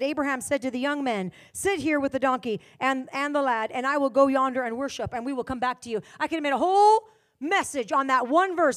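High-voiced woman preaching with force. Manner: commanding, emphatic preaching with wide swings in loudness. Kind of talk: sermon.

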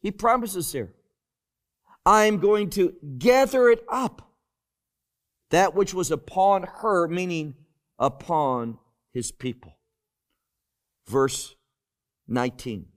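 A man preaching a Bible-teaching sermon, deliberate and emphatic, often dropping his voice low at the end of a phrase. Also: lively intonation. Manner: slow, deliberate, emphatic delivery with sudden drops in volume.

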